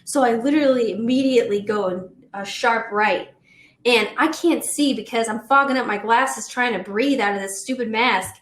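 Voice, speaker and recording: A woman in her twenties, a podcast guest, telling a long story in a chatty, animated way full of fillers. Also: a little high, normal speed, echoey room. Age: 20s. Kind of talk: casual storytelling.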